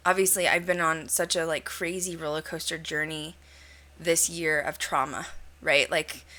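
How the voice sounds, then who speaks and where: A young adult woman hosting a podcast, telling a story in casual chat full of fillers and laughter. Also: sits low. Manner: chatty, animated storytelling with frequent fillers and laughs. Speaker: podcast host.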